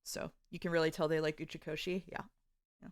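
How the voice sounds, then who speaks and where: A woman streamer chatting casually, recapping slowly with lots of ums and uhs. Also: low voice, flat delivery, dry recording, studio quality. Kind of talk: casual chat.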